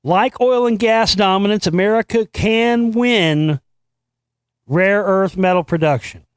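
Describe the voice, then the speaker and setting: A man whose voice is notably high for a man hosts his own commentary show, reading an article aloud at a measured pace in a smooth voice. He keeps breaking off to mock it with sarcastic, freely profane jabs, and the sound is dry and close with no room echo.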